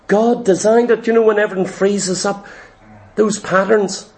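A man's voice: high-pitched, fairly even intonation, moderate pace. A man preaching a sermon, emphatic and full of repeated rhetorical questions.

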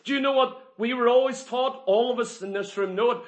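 High-voiced man preaching an emphatic sermon. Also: fairly quick. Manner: emphatic, rhetorical questions, builds to loud peaks.

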